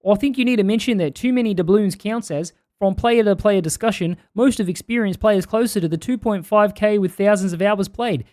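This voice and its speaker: This is a put-on New Zealand accent that keeps sliding toward Australian, done by a man. The reading is earnest and steady as it works through a long list of complaints. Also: high voice, brisk, hardly any pauses, no echo, clean studio sound, natural voice. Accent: put-on New Zealand accent drifting toward Australian.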